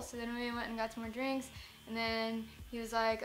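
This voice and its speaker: A woman's voice: high voice, little pitch movement, normal speed, bright, forceful tone, soft background music. A young American woman in a casual vlog, telling a story in a rambling, self-mocking way, full of "like". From United States. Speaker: vlogger.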